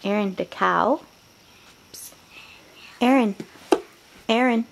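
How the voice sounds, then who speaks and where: A woman, a parent at home, coaxing her toddler in slow, gentle, sing-song baby talk for a home video. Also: medium pitch, gravelly, slight background noise.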